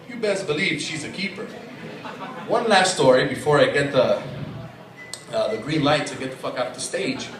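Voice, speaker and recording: A young man performing a profane stand-up set as a comedian on a club stage, telling a story with voices he acts out. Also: fairly high pitch. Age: young adult. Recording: echoey club recording from far off. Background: audience laughter.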